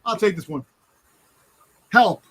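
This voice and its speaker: A man's voice: high-pitched, expressive, quick pace, husky, no echo. A man co-hosting a casual chat show, laid-back and swearing freely. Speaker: podcast co-host.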